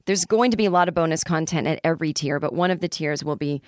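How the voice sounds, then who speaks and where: A woman's voice: low-pitched, fast talker, no echo, studio quality. Chatty, rambling woman podcast host. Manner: chatty, rambling, self-deprecating. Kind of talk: casual comedic monologue.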